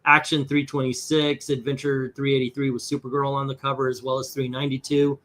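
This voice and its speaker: A man's voice: medium pitch, flat delivery, fairly quick, a bit bright. A man hosting a comic book channel, chatting casually as he reads off a long list of comic titles and issue numbers. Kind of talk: casual chat while unboxing auction comics.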